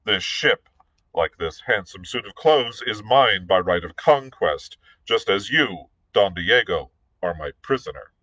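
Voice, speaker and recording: A man's voice: fairly low pitch, animated, measured pace, bright, forceful tone, no room sound, full character voice, rough recording. A man voicing a sardonic, witty Irish pirate captain, speaking in a dry, mocking, self-assured way in a read-aloud story.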